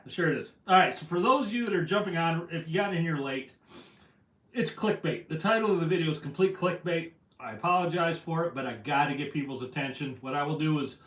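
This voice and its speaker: A man's voice: a little high, a bit bright. A man hosting a casual fishing livestream, reading out viewer comments in a rambling, self-deprecating way. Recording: echoey room, voice from afar.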